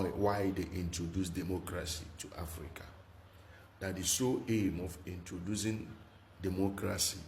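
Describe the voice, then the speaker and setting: A man's voice: sits low, darkish tone. A man, hosting political commentary in an emphatic, preaching manner, repeating his rhetorical questions. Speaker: commentary channel host. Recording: echoey room with faint noise.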